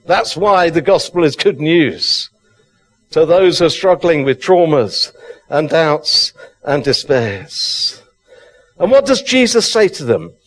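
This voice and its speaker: A man's voice: fairly high pitch, big pitch swings. A man preaching an Easter sermon, fervent and emphatic, repeating phrases for effect. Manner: fervent, emphatic, slow deliberate delivery with repetition. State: excited.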